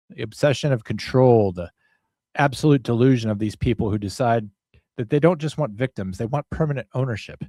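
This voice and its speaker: Male podcast host, mid pitch, deadpan sarcastic delivery, dry close-mic sound. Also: dry recording, poor audio. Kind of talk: comedic true crime podcast talk.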